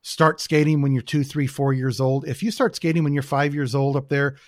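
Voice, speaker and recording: A man's voice: mid-range voice, fairly even intonation, moderate pace, no room sound, clean studio sound. A man from the United States chatting casually as a podcast guest, telling rambling, enthusiastic stories with lots of fillers.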